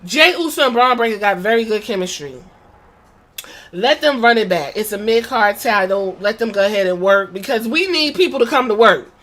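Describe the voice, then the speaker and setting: A woman with a slightly high voice hosts a podcast and recaps a wrestling show in loose, casual talk. She swears freely and tells the story with lively energy, slipping into quick impressions of the people she describes. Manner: profane, animated storytelling with quoted impressions. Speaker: podcast host.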